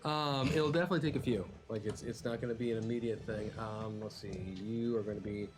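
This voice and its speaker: A man acting as game master, talking in a relaxed, hesitant way with many ums. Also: lowish voice, a little fast, noisy background. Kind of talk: running a tabletop game.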